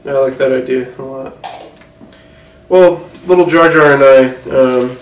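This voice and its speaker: In a satirical mock interview, a man plays an older film mogul who is rambling, distracted, boastful, defensive and self-important. His mid-range, everyday-sounding voice is a little slow, captured roughly from a distance in an echoey room.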